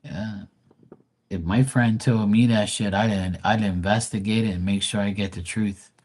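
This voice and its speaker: A man's voice: on the low side, steady tone, measured pace, a little mellow, husky. A man hosting a live stream and chatting casually to his viewers, crude and boastful, rambling with lots of fillers. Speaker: live-stream host talking to chat.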